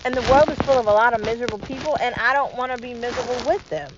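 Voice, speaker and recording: A woman's voice: fairly high pitch, very fast, noisy background. Emphatic woman ranting solo, lo-fi. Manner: emphatic, repetitive rallying delivery with swearing. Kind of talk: solo monologue vlog.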